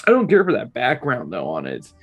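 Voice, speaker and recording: A man's voice: mid-range voice, huge pitch swings, a little fast, a bit bright, husky, soft background music. A man giving a casual, rambling review with frequent restarts and casual swearing, recorded at home in an apartment. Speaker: book club host ranking covers.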